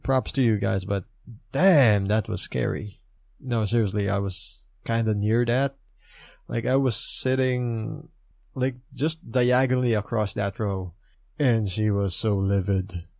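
A man hosts a relaxed spoken recap in the manner of a chatty, enthusiastic fan. He talks slowly and loosely, piling on asides and fillers. His voice sits dry and close, with little room sound around it. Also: on the low side, creaky, no room sound. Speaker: podcast host recapping wrestling shows. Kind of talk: casual monologue recap.

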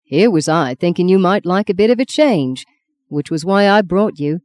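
A woman's voice: lowish voice, lively intonation, moderate pace, a little mellow, dry recording, close to an everyday voice. A woman reading an audiobook, voicing a young husband who cajoles and sulks by turns. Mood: stiff. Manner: wheedling, then stiffly offended. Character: young male husband, coaxing and self-serving.

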